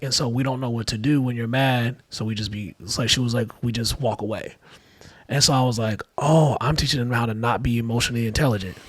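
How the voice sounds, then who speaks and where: A man's voice: mid-range voice, dry recording. A man in a casual, heartfelt conversation, telling candid personal stories about fatherhood with lots of "like" and acted-out quotes. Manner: candid storytelling with many fillers, acting out quoted voices. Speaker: podcast guest, father.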